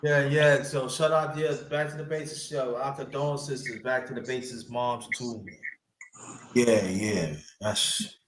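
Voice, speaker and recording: A man's voice: mid-range voice, steady tone, a little slow. A man hosting a casual livestream chat, rambling with many fillers and restarts. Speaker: livestream host. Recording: echoey room with background noise.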